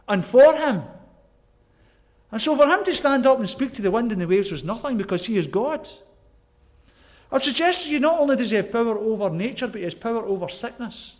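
A man from Scotland with a Glasgow accent preaching a sermon, earnest and emphatic, asking the listeners questions. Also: very high voice. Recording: long echoey hall reverb.

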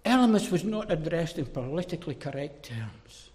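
A man preaching a sermon, emphatic and forceful, dropping into low mocking asides. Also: big pitch swings, moderate pace. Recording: reverberant hall.

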